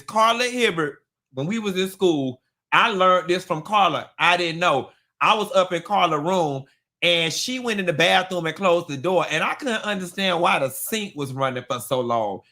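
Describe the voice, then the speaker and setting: Man, high voice, bright tone, sassy live-stream gossip host, squeals. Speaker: talk show host.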